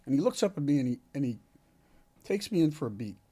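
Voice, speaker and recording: A man, an actor being interviewed, telling a heartfelt story in an earnest, halting way with many restarts. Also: a little high, very animated, mellow, breathy edge. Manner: halting, frequent restarts and self-corrections. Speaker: actor, podcast guest.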